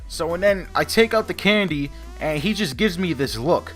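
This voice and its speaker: A young man tells a story to his viewers in a casual, animated way. He swears freely and pokes fun at himself, in a slightly high voice. Faint music plays behind him. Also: normal speed. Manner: animated, profane, self-mocking. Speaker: vlogger.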